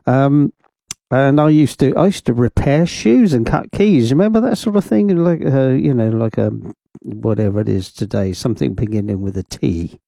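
A man's voice: medium pitch, gravelly, mellow, no echo. An older man, presenting music on the radio in a rambling, chatty way with many ums and asides. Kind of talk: casual radio chat.

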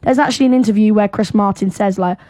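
A woman's voice: medium pitch, quick pace, warm tone, no echo. Chatty young woman radio co-host. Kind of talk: casual radio chat.

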